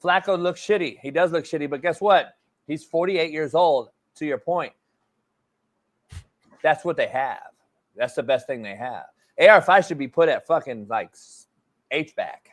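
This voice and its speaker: A man's voice: fairly high pitch, measured pace. A man hosting a sports talk show, arguing bluntly and with profanity, repeating himself to take the floor. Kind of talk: heated sports debate.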